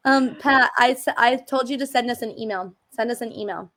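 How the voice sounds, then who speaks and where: A woman's voice: fairly high pitch, a little fast, fairly bright tone. Upbeat woman chatting on a video call live stream, lots of ums. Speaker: co-host of a teacher conference info session. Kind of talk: casual live-stream chat.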